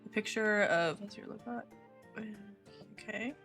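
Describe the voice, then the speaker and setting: A woman's voice: mid-range voice, a little slow, a bit bright, faint music behind. A woman streamer chatting casually and jokingly while playing a game, laughing often.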